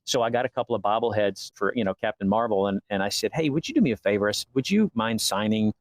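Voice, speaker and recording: A man's voice: on the low side, fast talker, no room sound. A man, an actor guest, telling stories in a casual interview and acting out the dialogue as he goes. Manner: animated, acts out quoted dialogue.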